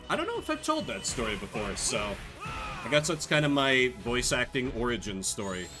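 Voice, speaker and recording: A man's voice: mid-range voice, sing-song, normal speed, over music. A young man streaming a game, telling rambling stories full of fillers in a casual chat. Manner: chatty, rambling storytelling with many fillers. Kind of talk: casual gameplay commentary.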